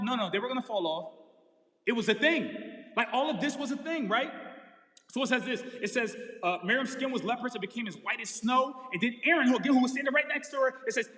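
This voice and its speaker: A man preaching a lively, casual sermon in slangy everyday talk, acting out the people in the story, in front of camera and lights. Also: high voice. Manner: energetic, slangy, acts out characters. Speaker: pastor. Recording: echoey hall with long reverb.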